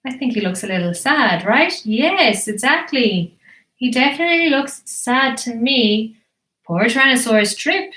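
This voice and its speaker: A woman teacher reading a picture book live to children, animated and encouraging, asking questions as she goes. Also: on the high side, unhurried, reverberant. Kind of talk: live storytelling for kids.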